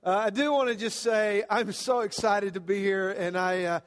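A man's voice: high-pitched, steady tone, moderate pace. A man with a Southern US accent preaching as a guest pastor, folksy and full of fillers, telling a humorous story in a sermon. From American South. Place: church sanctuary. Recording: long reverb of a church hall.

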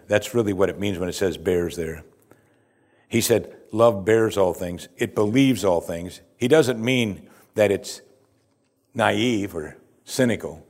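A male pastor delivers a sermon in a fairly low voice. He is earnest and emphatic, leaning into key words and often letting his phrases fall to a hush. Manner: earnest, emphatic, often dropping to a hushed close.

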